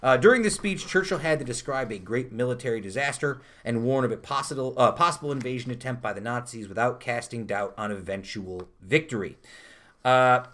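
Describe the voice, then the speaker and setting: A male podcast co-host chats casually, reading trivia aloud and breaking off into joking asides. His mid-range voice is brisk with a fairly bright tone.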